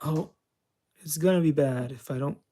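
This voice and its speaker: With a fairly high pitch yet a dark tone, the Californian host keeps up a moderate pace while mocking himself and chatting to himself over a flight simulator game.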